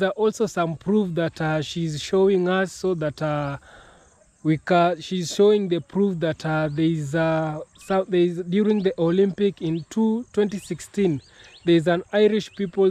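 A man from Kenya hosts a reaction video in a high voice, talking slowly and haltingly with frequent restarts. The sound is very dry and close. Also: a little mellow, dry recording. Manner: slow, halting, many restarts. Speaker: YouTube reaction host. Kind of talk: casual reaction commentary.

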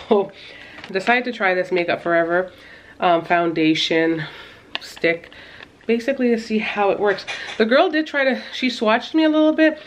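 A woman's voice: mid-range voice, a little hiss or hum. A woman in her thirties chatting casually to her vlog viewers, rambling with lots of fillers and little laughs. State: out of breath. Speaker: mom vlogger.

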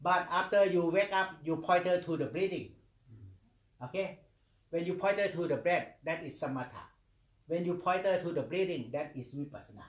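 A man's voice: high-pitched, moderate pace. A man who is a meditation teacher monk, giving a dharma talk in simple English, repeating words in rhythmic chains and often asking "okay?". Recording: echoey room.

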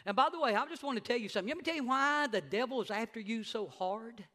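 Middle-aged male pastor, a notably high, bright voice, a fervent preacher who slows down to stress points. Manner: emphatic preaching, slowing down for stress and rising to shouts. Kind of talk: sermon. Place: church sanctuary.

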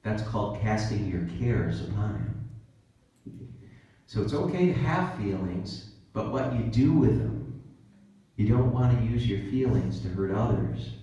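A man's voice: on the low side, slow pace, pauses often, mellow. A man preaching in a church in a conversational style, now and then acting out what people say. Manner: conversational preaching with acted-out quotes. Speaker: pastor. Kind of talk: sermon. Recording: dull, roomy church recording from a distance.

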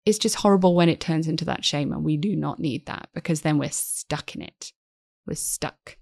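A woman's voice: sits low, moderate pace, vocal fry, a little mellow, no echo, studio quality. A woman guest psychotherapist talking in a podcast interview, earnest and reflective, restarting her sentences often.

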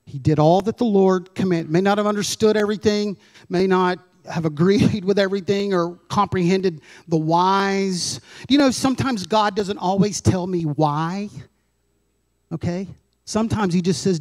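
A man's voice: sits high, a little slow. A male pastor preaching a conversational sermon in church, full of asides and rhetorical questions to his congregation.

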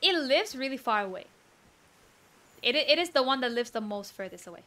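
A woman streamer reacting to a game she is playing, full of excitable yelps, exclamations and giggles. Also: fairly high pitch, normal speed, slight background noise. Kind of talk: live gameplay commentary.

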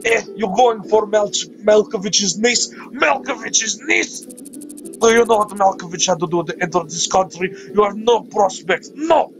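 Man putting on a loud mobster-accent tough guy for a game dub, blustering, pitched up. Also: measured pace, music in the background, poor audio. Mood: angry. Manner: blustering, shouting threats. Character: gruff mustached man in a mobster-style accent.

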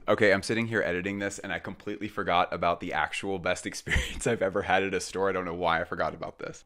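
A man telling funny stories about shopping in a casual, chatty way, often laughing and acting out what people said. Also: lowish voice. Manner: chatty, heavy use of "like" fillers, laughs often; animated, acts out quoted voices. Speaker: fashion commentator host. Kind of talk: casual anecdotal storytelling.

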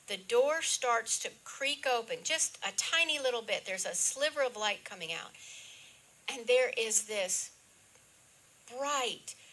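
Older woman giving a heartfelt spiritual talk, slow and sincere, bright edgy voice, sits a little high. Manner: slow, earnest, dropping to a soft hush for reflective moments. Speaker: guest speaker. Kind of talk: personal spiritual storytelling talk.

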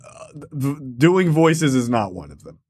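A man's voice: medium pitch, unhurried, no room sound, clean studio sound. A man co-hosting a podcast, joking and laughing while reviewing a film. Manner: animated, joking and laughing often. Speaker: podcast co-host. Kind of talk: casual film review chat.

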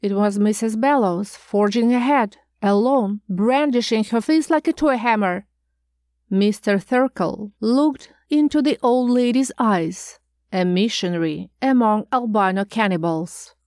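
A woman reading a science fiction short story aloud in a measured, expressive storytelling manner. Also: medium pitch, dry recording. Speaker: audiobook reader. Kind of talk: scripted narration.

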